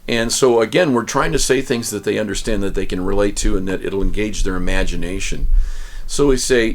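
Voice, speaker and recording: Man, ukulele teacher, folksy storyteller, gravelly voice, counts rhythms aloud. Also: on the low side, fairly quick.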